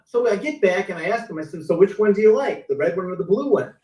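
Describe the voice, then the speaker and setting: A man's voice: sits high, expressive, fast talker, hardly any pauses, a little mellow. A middle-aged man, a car sales veteran, telling stories casually on a live stream and acting out his customers' lines. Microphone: video call. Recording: roomy, distant mic.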